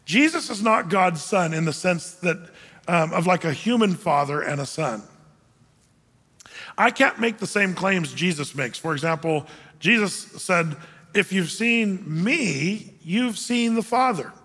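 High, husky man preaching in a hall. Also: lively intonation, unhurried, bright, forceful tone. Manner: conversational, self-deprecating, restarts often. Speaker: pastor. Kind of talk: sermon. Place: church hall. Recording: long hall reverb.

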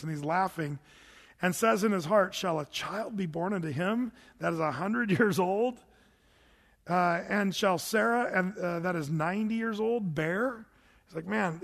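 A man's voice: high-pitched, fairly bright tone, big-room sound. A man preaching a sermon, teaching through Bible verses in a conversational way with joking asides. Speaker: pastor.

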